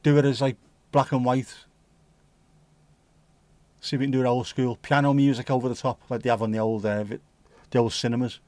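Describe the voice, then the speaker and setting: A man's voice: medium pitch, flat delivery, a little fast, pauses often, a little mellow, no echo. A man with a Scouse accent hosting a livestream, chatting casually in a rambling, jokey, sweary way. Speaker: livestream host. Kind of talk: casual chat.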